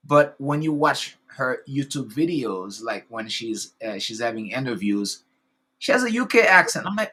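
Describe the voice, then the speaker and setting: A man's voice: mid-range voice, sing-song, moderate pace, bright, forceful tone, breathy edge. A man hosting an interview, effusive and enthusiastic, rambling with many fillers as he praises his guest. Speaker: podcast host. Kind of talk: casual interview chat.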